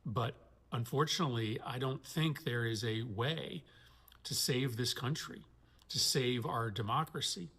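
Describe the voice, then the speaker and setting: A man, a senator, speaking earnestly and in a measured way in played-back clips. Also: mid-range voice, fairly bright tone, slightly rough. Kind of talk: political speech in clips.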